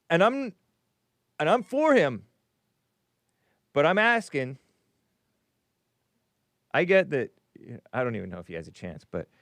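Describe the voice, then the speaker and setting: Reading viewer super chats aloud, this male podcast host delivers a loose talk-show monologue on his call-in program, cutting himself off and starting over again and again with lively energy. His voice sits in the mid range, captured in clean studio sound without echo.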